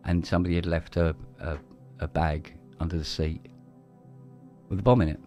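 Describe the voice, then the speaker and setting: A man's voice: low-pitched, fairly even intonation, normal speed, mellow, faint music behind. A middle-aged man telling a rambling story in casual chat, swearing freely and restarting his sentences. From London, England. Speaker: podcast co-host.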